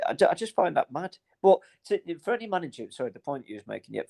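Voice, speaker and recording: A man co-hosting a casual football podcast, animated and swearing, often trailing off mid-thought. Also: mid-range voice, vocal fry. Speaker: podcast co-host.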